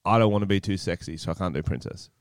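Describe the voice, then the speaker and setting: A man's voice: deep voice, quick pace, no room sound, studio quality. A young man co-hosting a podcast, joking around in crude, casual banter. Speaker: podcast co-host. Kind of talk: casual chat.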